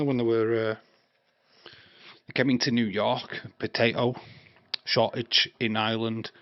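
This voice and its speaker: A man's voice: on the low side, dry recording. Crude joking man in his fifties. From England. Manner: crude joking, rambling, laughs often. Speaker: live stream host. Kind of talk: casual live watch-along chat. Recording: dry, slightly dull stream mic.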